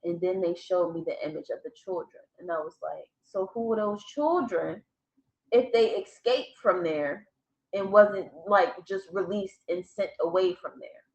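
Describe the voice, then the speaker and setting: A woman's voice: fairly low pitch, measured pace. A woman vlogger casually telling a personal story to camera, swearing freely and breaking into laughter. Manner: profane, animated retelling with bursts of laughter. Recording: echoey room, slightly dull sound.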